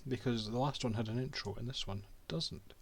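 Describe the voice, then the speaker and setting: A man's voice: mid-range voice, a little fast, husky. A Scottish man giving casual, dry commentary while playing a game. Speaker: let's play host.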